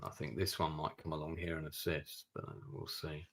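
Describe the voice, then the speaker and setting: Low, husky man thinking aloud. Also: flat delivery, moderate pace, a bit bright. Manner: thinking aloud, muttering asides. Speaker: streamer playing a strategy game. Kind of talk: gameplay commentary.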